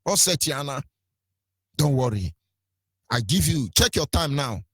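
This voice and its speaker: A man's voice: medium pitch, animated, unhurried, a bit bright, husky, no room sound. A man with a Nigerian accent giving an impassioned political monologue as a radio commentator, fiery and rhetorical, pressing the same questions again and again with biting sarcasm. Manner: sarcastic, mocking.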